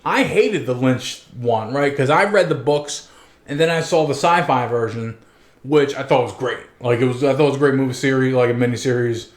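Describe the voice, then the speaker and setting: A man's voice: medium pitch, fairly quick. A young man co-hosting a podcast, telling stories in a laid-back, profane casual chat. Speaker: podcast co-host. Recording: roomy echo.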